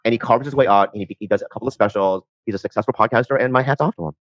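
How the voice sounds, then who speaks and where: A man talking rambly and haltingly as a guest on a casual podcast, heard in a played-back clip. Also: medium pitch, dry recording, dull audio. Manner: rambling, halting, with many fillers.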